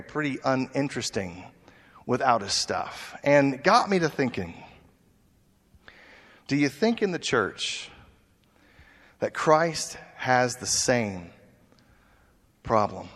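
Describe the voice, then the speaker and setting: Storytelling pastor with a high voice. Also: male voice, fairly bright tone. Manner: storytelling, asks rhetorical questions. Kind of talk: sermon. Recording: long church reverb.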